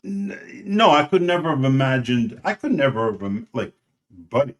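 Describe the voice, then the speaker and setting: A middle-aged man co-hosting a podcast in casual chat, blunt and loud, swearing constantly. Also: mid-range voice, big pitch swings, normal speed. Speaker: podcast co-host.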